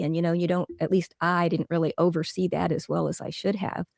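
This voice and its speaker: A woman's voice: on the low side, quick pace, gravelly, a little mellow, no echo, clean studio sound. A middle-aged woman, a guest author, talking earnestly and reflectively in a casual interview, working through everyday examples.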